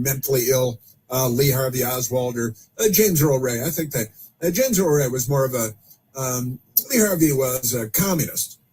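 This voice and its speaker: Male host, husky, sarcastic, combative commentary delivery. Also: mid-range voice, darkish tone. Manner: combative, sarcastic, rambling asides. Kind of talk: political commentary monologue.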